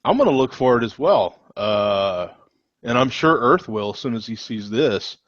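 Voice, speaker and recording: A man's voice: medium pitch, animated, normal speed, dry recording. Joking man on a dull, dry line. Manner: joking, laughs easily. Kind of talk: casual beer-tasting chat.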